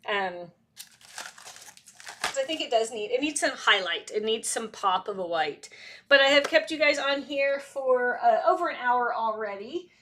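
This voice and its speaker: A woman's voice: on the high side, lively intonation, measured pace, a bit bright. A woman hosting a live crafting stream, chatting casually and talking to herself as she works, often laughing. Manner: rambling, self-talk while working, laughs often. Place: crafting desk.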